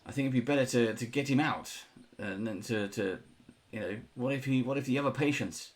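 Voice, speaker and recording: A fussy male asylum doctor, as a game master puts him on, trips over his own words, repeating and restarting as he dodges hard questions. His voice sits at an ordinary middle pitch. He talks like a nervous man protecting his patients in a tabletop game. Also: a little fast, lightly acted. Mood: flustered. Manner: stammering, defensive, fussy. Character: evasive, flustered male sanatorium doctor.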